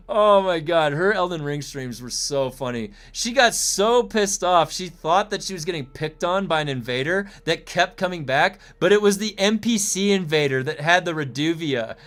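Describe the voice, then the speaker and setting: A man streaming a game and chatting casually with viewers, animated and profane, acting out quotes in a high voice and laughing often. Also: normal speed. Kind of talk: casual live-stream chat.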